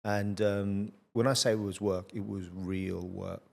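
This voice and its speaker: A middle-aged man with a fairly low voice hosts a podcast in relaxed conversation. He tells energetic, blunt anecdotes and swears freely. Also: a little slow, creaky. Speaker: podcast host. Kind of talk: casual conversational storytelling.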